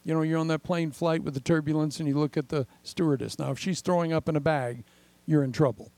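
An older man preaching a sermon as pastor, animated and acting out the voices he quotes. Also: fairly high pitch, fast talker, no room sound, rough recording.

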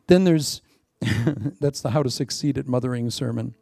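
A middle-aged man preaching a sermon in an animated, preacherly way, with playful asides and laughter. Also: medium pitch, vocal fry, slightly rough, dry recording, clean studio sound. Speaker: pastor.

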